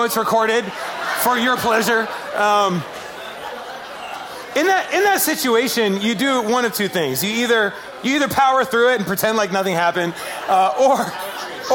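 High-voiced man preaching a sermon. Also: noisy background. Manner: animated storytelling with self-deprecating humor. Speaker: pastor.

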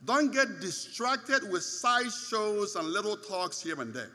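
Male preacher, very high and bright, repeats key lines, reverberant church hall. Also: sing-song, slow pace. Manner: emphatic, repeats phrases for stress. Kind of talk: sermon.

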